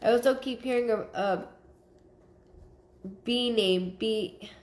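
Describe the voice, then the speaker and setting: A woman with a slightly high voice works through a live psychic reading, pausing on fillers and restarting her sentences as she relays spirit messages. Her voice rings in an echoey room. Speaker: psychic medium.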